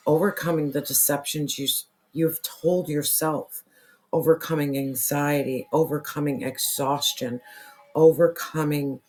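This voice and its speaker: A tarot reader losing their voice, who keeps clearing their throat and talks earnestly and repetitively straight to the viewer. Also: mid-range voice, a little mellow. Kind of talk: casual spiritual tarot reading to camera.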